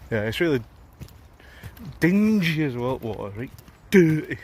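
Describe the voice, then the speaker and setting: A man's voice: medium pitch, sing-song, unhurried, darkish tone. A man with a South Yorkshire accent, chatting and joking as he vlogs a fishing trip outdoors by a river. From South Yorkshire, England. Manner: chatty, jokey, swears when annoyed. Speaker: angler vlogger. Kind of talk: casual outdoor fishing vlog.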